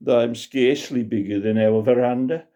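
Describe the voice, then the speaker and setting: A man voicing a small, stubborn old wife, blunt and quick. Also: medium pitch, steady tone, mellow, natural voice. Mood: refusing. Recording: dull lo-fi recording.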